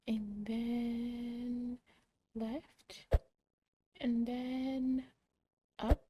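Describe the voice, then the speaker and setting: A young woman slowly talking kids through a coding puzzle, muttering each step and cheering when it works. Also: fairly high pitch, low-quality recording. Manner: cheerful, muttering steps aloud, excited yays. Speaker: coding club instructor. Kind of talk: slow think-aloud coding walkthrough for kids.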